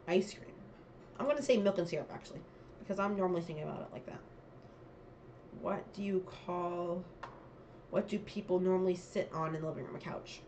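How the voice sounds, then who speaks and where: A young woman with a slightly low voice talks casually to camera, reading questions and thinking aloud. Her chat rambles and circles back to answers. A faint hum of background noise sits under the recording. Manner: chatty, thinking aloud, reads questions then muses. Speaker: vlogger. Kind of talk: casual quiz commentary.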